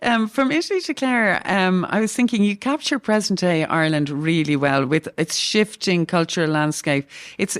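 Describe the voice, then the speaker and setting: An interviewer asking long, winding questions about a novel. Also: mid-range voice.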